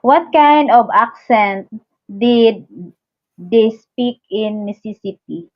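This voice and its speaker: A woman co-hosting a casual live-stream interview, asking questions slowly and backchanneling often. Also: on the high side, animated, highs cut off. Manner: slow, frequent backchannel. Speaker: co-host interviewer.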